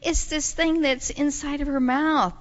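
A woman telling a children's story in church, animated and expressive, putting on voices for the people in her tale. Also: measured pace. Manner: expressive, acts out voices with big pitch jumps. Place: church sanctuary. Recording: dull sound in a reverberant church hall.

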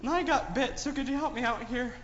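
A man voicing a young girl who was bitten by a snake, pleading and crying out in a high voice. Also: fairly quick, fairly bright tone. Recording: echoey hall, dull sound, faint noise.

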